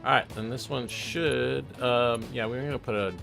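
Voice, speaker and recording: A man's voice: mid-range voice, steady tone, normal speed, gravelly, music in the background. A man streaming a building game, muttering half-sentences to himself and chatting casually with his viewers. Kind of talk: casual live-stream commentary while playing.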